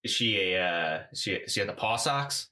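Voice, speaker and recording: Wisecracking male co-host, crisp bright tone, quick puns in casual chat. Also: on the low side, animated, a little hiss or hum. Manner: jokey, throws in quips and puns. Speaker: podcast co-host.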